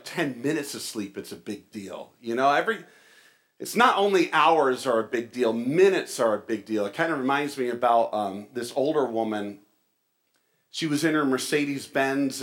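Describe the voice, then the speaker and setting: A man's voice: medium pitch, a bit bright. A man as pastor, giving a casual sermon with a joke and church announcements, chatty with fillers and restarts.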